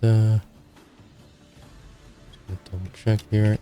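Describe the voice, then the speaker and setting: A man running a tabletop game as game master, giving rulings in a teasing, deadpan way. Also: lowish voice, slow, faint music behind. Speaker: dungeon master.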